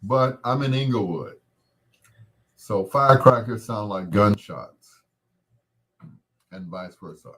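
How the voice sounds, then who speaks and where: An older man hosts a loose, casual chat with his viewers, rambling easily from one thought to the next. His voice sits low, and he takes his time, letting each phrase stretch out. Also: slow, long pauses. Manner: relaxed, rambling, greets viewers by name. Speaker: host.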